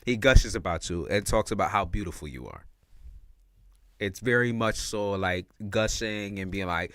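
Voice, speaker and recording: A man's voice: low-pitched, expressive, moderate pace, fairly bright tone, no echo, clean studio sound. A man giving a casual livestream tarot reading, talking in slang, with lots of expression and frequent laughs. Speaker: tarot reader.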